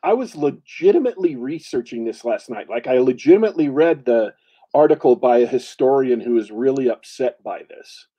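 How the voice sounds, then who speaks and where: A man's voice: medium pitch, lively intonation, a little fast, dark tone, breathy edge. A man co-hosting a casual chat, rambling, laughing often and restarting his sentences. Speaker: podcast co-host. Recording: lo-fi, dull sound.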